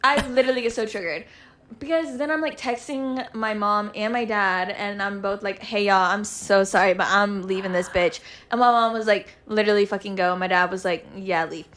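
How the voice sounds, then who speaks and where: A woman's voice: mid-range voice, fairly even intonation, brisk, a bit bright. A young woman in casual chat, telling a profane story and acting out what others said. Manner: profane, acts out quoted lines.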